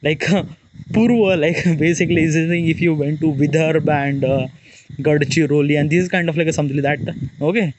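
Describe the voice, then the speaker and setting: A man's voice: on the high side, steady tone, moderate pace, noisy background. A man from Maharashtra with an Indian accent, talking in a rambling, casual monologue with lots of fillers and restarts. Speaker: vlogger.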